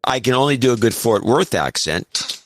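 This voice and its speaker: A man's voice: medium pitch, lively intonation, moderate pace, dry recording. A man co-hosting a podcast, reading listener donation notes aloud with a wry, dry delivery and joking asides.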